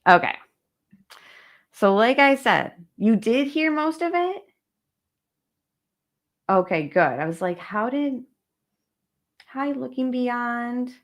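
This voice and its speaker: A woman's voice: fairly high pitch, sing-song, takes it slowly, long pauses. A woman hosting a casual livestream, chatting straight to viewers and reading documents aloud. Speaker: true crime channel host. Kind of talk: casual livestream case discussion.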